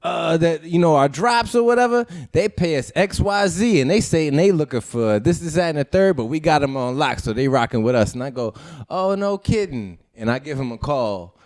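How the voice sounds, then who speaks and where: A man's voice: on the high side, a little fast, hardly any pauses, darkish tone. A man hosting a casual podcast chat, spinning a story and acting out the dialogue. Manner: storytelling, acts out quoted dialogue. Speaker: podcast host.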